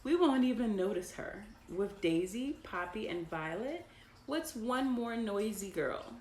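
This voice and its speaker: A woman reading the part of a cheerful young mother of newborn triplets, her voice lifting a little higher. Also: lively intonation, unhurried, darkish tone, echoey room, a little hiss or hum, lightly acted.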